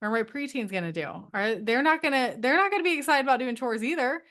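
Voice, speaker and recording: A woman's voice: sits high, lively intonation, quick pace, fairly bright tone. A middle-aged woman coaching homeschool parents in an online training from home. She talks conversationally, often checks in with "right?" and acts out parents' and teens' voices. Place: home, with a dog nearby.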